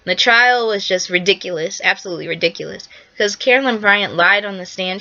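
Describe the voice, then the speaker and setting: A woman's voice: medium pitch, fairly quick, few pauses, pushed and bright, muffled recording. A young woman artist giving a casual, earnest spoken presentation, repeating herself for emphasis and often acting out quotes. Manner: earnest, repetitive, acts out quotes. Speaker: artist presenting her work.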